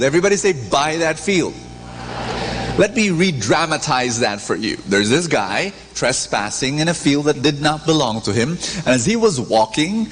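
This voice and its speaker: A preacher giving a lively sermon, acting out stories and calling for audience responses. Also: male voice, moderate pace. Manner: animated storytelling, acts out characters with big pitch swings. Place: large church. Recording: reverberant church hall, faint background noise.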